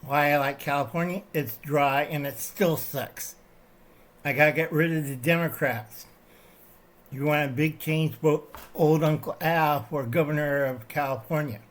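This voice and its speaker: Speaking in a steady, somewhat high voice at a slightly slow pace, an older channel host goes off on digressive satirical tangents. He holds things up to the camera as he talks, frequently tacking "okay?" onto his lines.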